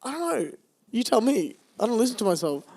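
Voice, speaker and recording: A man's voice: very high-pitched, very animated, brisk, creaky, darkish tone. A young man co-hosting a casual podcast, laid-back with dry swearing. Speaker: podcast co-host. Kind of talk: casual banter.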